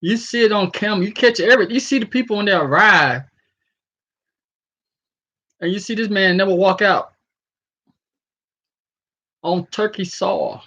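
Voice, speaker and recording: A man's voice: high-pitched, measured pace, long pauses, sharp tone. A man talking in a casual, freestyling vlog commentary and reading an article aloud, stumbling over some words. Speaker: vlogger.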